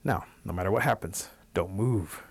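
A man's voice: deep voice, normal speed, husky. Sly trickster rabbit, a man puts on. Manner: eager, sly and persuasive. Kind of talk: oral storytelling.

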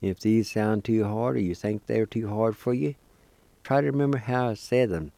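Hosting his weekly language program, a man spells words by syllable, repeats them slowly and encourages beginners to keep practicing. His warm voice sits on the low side with some vocal fry, and there's no echo.

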